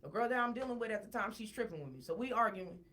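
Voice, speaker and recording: Guesting on a podcast, a woman tells a personal story in a casual, animated way, repeating words when she gets worked up. Her voice is a little high and her pace quick.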